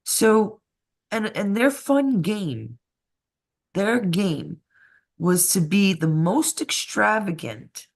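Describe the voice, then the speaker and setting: A woman's voice: medium pitch, expressive, extremely slow. A woman co-hosting a casual conspiracy talk show, chatty and laughing often as she jumps between topics. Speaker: podcast co-host.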